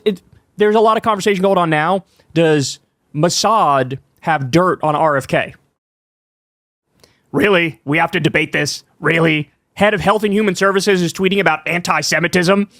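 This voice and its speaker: A man's voice: high voice, fairly bright tone, dry recording, clean studio sound. A man hosting an online political commentary show, ranting heatedly in casual slang with plenty of profanity.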